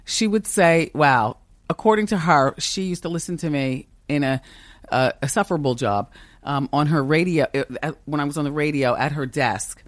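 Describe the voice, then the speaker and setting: A woman's voice: low voice, normal speed, no room sound. Emphatic woman with a strong commanding voice. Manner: animated, emphatic, laughs often. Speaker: talk show host as podcast guest. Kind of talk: candid interview conversation. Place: office with a kitchen upstairs.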